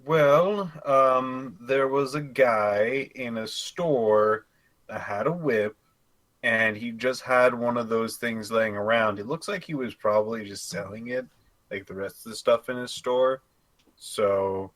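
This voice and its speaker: A man's voice: mid-range voice, slow, fairly bright tone, no echo. A man playing a tabletop game, chatting loosely and joking in character. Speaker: player. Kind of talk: casual chat at a game table.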